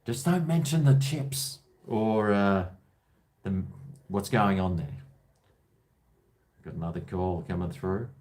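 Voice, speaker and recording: A man's voice: low voice, slow, long pauses, darkish tone. An Australian man from Brisbane hosting a casual call-in show, with jokey, blokey banter. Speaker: host of a call-in livestream.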